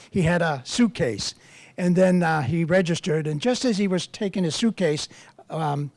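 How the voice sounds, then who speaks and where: A man's voice: on the high side, a little mellow, no echo. An older man, a priest, telling humorous, self-deprecating stories to a live audience in a rambling way. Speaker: priest and campus minister. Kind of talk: storytelling talk to a live audience.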